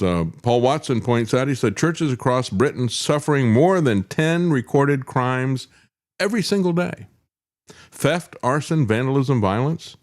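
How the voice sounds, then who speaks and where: A man's voice: mid-range voice, a little mellow. A middle-aged man hosting a commentary show, sardonic and chuckling, with frequent "uh" fillers. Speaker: host.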